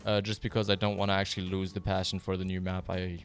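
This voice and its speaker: A man whose first language is German, chatting casually with viewers on a live stream in a fairly monotone, rambling way full of fillers. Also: sits low, fast talker, smooth, soft background music. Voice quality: fairly monotone, even delivery. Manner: relaxed, rambling, with many fillers and restarts.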